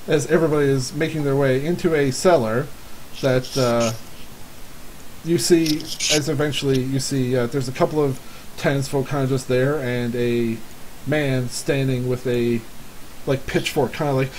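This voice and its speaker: A man's voice: medium pitch, steady tone, normal speed, a little mellow, slight background noise, poor audio. A man narrating a tabletop game as game master, rambling with lots of fillers and frequent laughs. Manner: giggly, rambling with many fillers.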